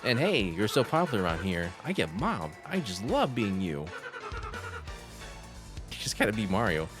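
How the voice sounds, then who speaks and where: Guy doing a brash brooklyn ghost dude, swaggering, lively pitch. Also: normal speed, over music. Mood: cocky. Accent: Brooklyn, put on. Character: cocky male ghost shapeshifter in a stolen body.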